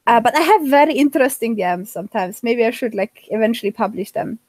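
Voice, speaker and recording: A woman's voice: fairly high pitch, fast, darkish tone, no room sound. A woman with a mixed, hard-to-place accent, speaking as a guest in a casual live-stream chat and earnestly explaining her views at length.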